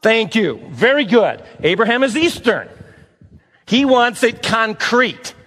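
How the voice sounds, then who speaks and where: A man preaching a sermon to a live audience, telling stories and acting out the dialogue with lively energy. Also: very high-pitched, slow, big-room sound. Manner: animated, acts out dialogue, talks to the audience. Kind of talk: sermon with storytelling.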